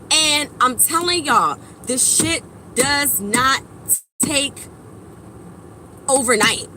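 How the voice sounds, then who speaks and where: A woman giving a blunt, profane motivational monologue to her viewers, preachy and emphatic, swinging between loud bursts and low mutters. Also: lively intonation, measured pace, slight background noise, poor audio. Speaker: spiritual vlogger.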